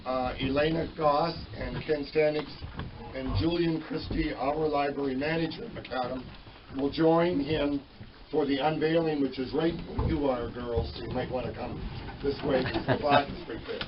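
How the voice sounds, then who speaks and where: A man's voice: on the high side, fairly even intonation, moderate pace, background noise. A man with a weak voice, chatting folksily as master of ceremonies at a library dedication, correcting himself as he goes. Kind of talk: public ceremony announcements. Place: library at a public dedication event. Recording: distant, dull event recording with crowd.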